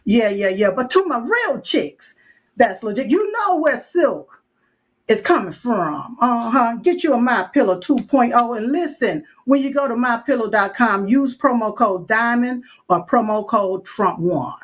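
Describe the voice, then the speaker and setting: A woman's voice: fairly high pitch, animated, normal speed. A woman hosting a live-stream chat show, talking in a sassy, folksy way with lots of call-outs and asides. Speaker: show host.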